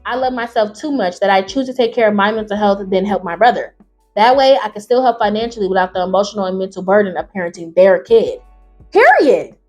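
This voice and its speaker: A young woman hosting her channel, who reads stories aloud and reacts to them with blunt, animated rants. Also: mid-range voice, fast, faint music behind. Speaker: channel host.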